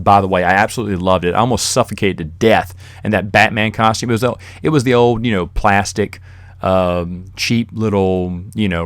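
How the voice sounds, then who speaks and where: A man's voice: fairly low pitch, no room sound, studio quality. A man hosting a podcast on his own, telling rambling stories in a casual monologue and chuckling as he goes. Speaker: podcast host.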